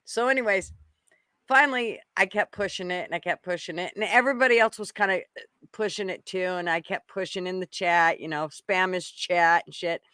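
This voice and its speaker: Woman, bright tone, dry close mic, laughing profane storyteller, casual live-stream chat. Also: fairly low pitch, fairly quick, clean tone, no room sound. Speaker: co-host.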